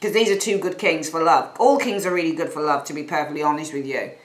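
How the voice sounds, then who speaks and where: A woman's voice: low-pitched, fast talker, reverberant, rough recording. A woman giving a tarot reading, blunt and frank, swearing casually and repeating herself. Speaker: tarot reader. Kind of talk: monthly tarot reading, ranting aside.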